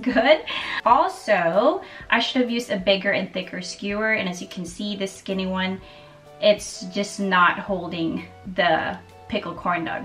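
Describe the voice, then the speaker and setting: A woman hosting a food-tasting vlog in a chatty, upbeat tone, her voice sitting a little on the high side. She sounds a bit off-mic, with soft music playing underneath. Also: recorded from a distance. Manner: chatty and upbeat, with light laughs. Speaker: cooking vlogger and host. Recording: off-mic with faint background music.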